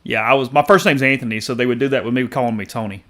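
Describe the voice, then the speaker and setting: A man co-hosting a casual sports chat, trading quick teasing banter. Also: medium pitch, fairly even intonation, fairly bright tone. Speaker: co-host.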